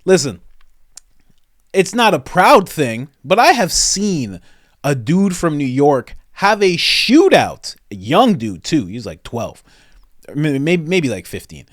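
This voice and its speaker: A man doing comedic reaction commentary, animated and mock-incredulous, often breaking into laughter. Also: on the high side, slow pace, dry recording, studio quality. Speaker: commentary host.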